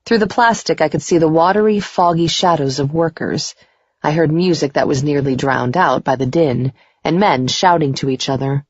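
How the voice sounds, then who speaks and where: A woman narrating a first-person romance audiobook in a steady, unhurried reading voice. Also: low voice, no room sound. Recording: dry, dull muffled recording.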